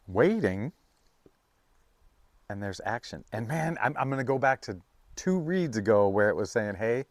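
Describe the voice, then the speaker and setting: A man giving a casual, rambling tarot reading, full of fillers and restarts, now and then breaking into high, playful bursts. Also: no room sound. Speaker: tarot reader.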